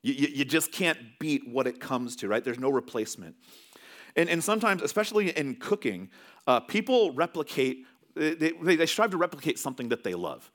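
A man's voice: fairly high pitch, very animated, brisk. A man from California preaching a sermon as pastor, telling stories in a loose, conversational way with many restarts.

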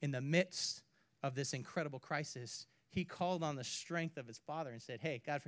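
A man preaching a sermon, telling a personal story in an animated way, with sudden loud bursts and quiet drops. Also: fairly high pitch, moderate pace. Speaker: pastor.

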